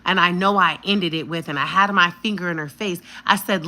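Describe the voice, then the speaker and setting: A woman's voice: fairly low pitch, fairly even intonation, fairly quick, few pauses, bright, forceful tone, poor audio. Blunt, emphatic woman telling a story. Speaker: vlogger telling a personal story. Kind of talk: storytime vlog.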